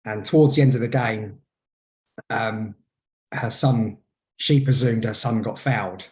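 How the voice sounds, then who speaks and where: A man's voice: fairly low pitch, unhurried, a little mellow. A man in his forties, a podcast guest telling stories in a hesitant way, full of ums and restarts. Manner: hesitant, filler-heavy storytelling. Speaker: guest, hypnotherapist. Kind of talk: casual podcast interview.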